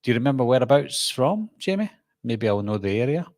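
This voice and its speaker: A man's voice: mid-range voice, very animated, fairly quick, a little mellow, no echo, clean studio sound. A middle-aged man with a Glaswegian Scottish accent, hosting a casual live-stream Q&A and chatting about viewer comments as he reads them. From Scotland. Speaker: host.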